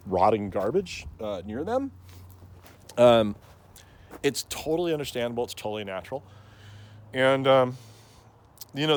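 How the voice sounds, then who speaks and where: A man's voice: medium pitch, a little mellow. A man talking casually to camera as a plant grower, rambling and joking with lots of fillers and frequent chuckles. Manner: chuckles often.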